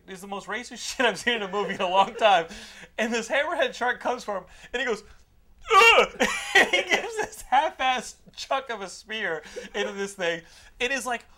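Man, high voice, podcast host, excitable, swearing, laughing storyteller. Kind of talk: casual chat, movie review.

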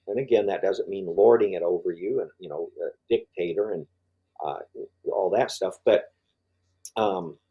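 Dull audio captures an older man with a fairly low, dark, husky voice. Interviewed on a podcast, he recounts his faith journey in a rambling way, with frequent fillers and false starts.

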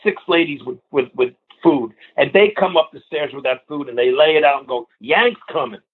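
A New York–area man in his sixties, a guest musician in a storytelling interview, tells long anecdotes and animatedly acts out other people's lines. His voice is on the high side at a moderate pace, and the narrow, phone-like recording carries a slight hiss or hum.

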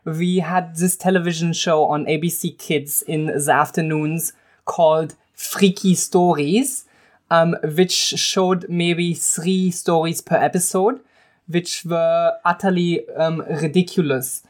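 A hammy mock German reading voice, put on by a woman, drifting into French and Italian as it goes. The voice sits low and moves slowly and deliberately. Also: steady tone, a little mellow. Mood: mock-serious. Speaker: guest reader.

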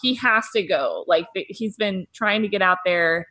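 Podcast co-host: young woman, mid-pitched, chatty and excitable, laughs easily. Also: normal speed. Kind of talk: casual chat.

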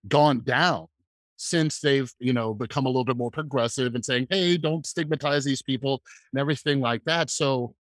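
A man hosting an interview podcast, asking long questions with halting restarts and fillers. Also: mid-range voice, no echo. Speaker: podcast host. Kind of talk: casual interview conversation.

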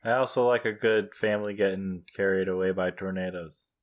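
A man's voice: low voice, steady tone, brisk. A man co-hosting a casual podcast, joking and bantering with crude humor. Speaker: podcast co-host. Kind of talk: casual chat.

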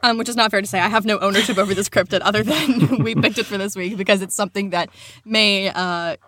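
A woman's voice: medium pitch, fast talker, a bit bright, no echo. An American woman co-hosting a comedy podcast, chatting casually with a giggly, rambling, self-deprecating manner. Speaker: podcast co-host.

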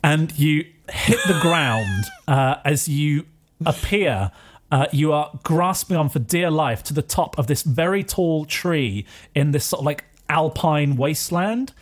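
A man's voice: on the high side, lively intonation, measured pace. A man narrating a tabletop role-playing game as game master, improvising with frequent laughter.

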